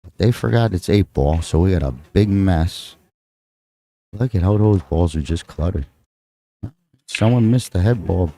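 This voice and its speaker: A man's voice: sits low, lively intonation, measured pace, creaky, long pauses, mellow. A man with a Texan accent calling a live pool match, rambling and joking with his co-host between shots. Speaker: pool commentator. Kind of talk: live play-by-play commentary.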